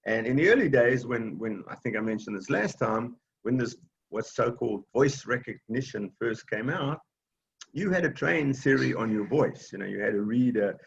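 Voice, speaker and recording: A man's voice: mid-range voice, animated, moderate pace, vocal fry, highs cut off. A man teaching an online class for seniors, explaining patiently in plain words with many fillers and restarts, over a video call. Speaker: technology class instructor.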